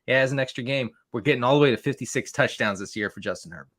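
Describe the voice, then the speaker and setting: A man's voice: mid-range voice, rapid-fire, fairly bright tone. A man guesting on a fantasy football podcast, rambling and repeating words as he talks. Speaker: guest analyst.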